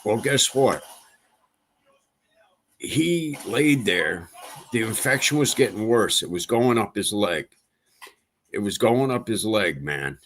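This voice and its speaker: A man's voice: on the low side, lively intonation, takes it slowly, long pauses, a bit bright, a little hiss or hum. A man hosting a livestream, venting in a casual monologue with exasperation and repeating himself for emphasis. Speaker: livestream host.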